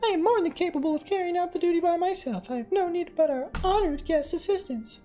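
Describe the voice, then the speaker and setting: A man voicing an indignant young nobleman in a shrill, huffy voice while reading game dialogue aloud. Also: fast, dark tone. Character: indignant young nobleman, high-pitched and affronted. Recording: far from the mic, over game music.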